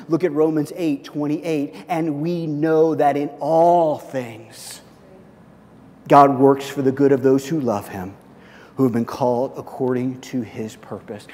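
A middle-aged male pastor preaching a sermon, swinging from loud, emphatic calls to hushed, quiet passages. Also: mid-range voice, in a large hall.

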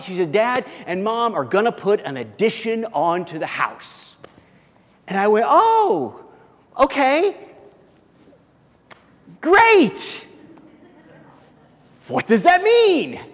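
A pastor preaching a sermon, telling a personal story with many restarts and shifts from loud to hushed. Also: male voice, on the high side, long reverb tail.

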